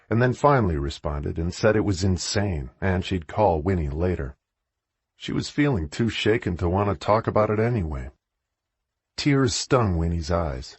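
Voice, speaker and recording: A man reading an audiobook in a measured, expressive way. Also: sits low, breathy edge, dry recording. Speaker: audiobook narrator. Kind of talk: audiobook narration.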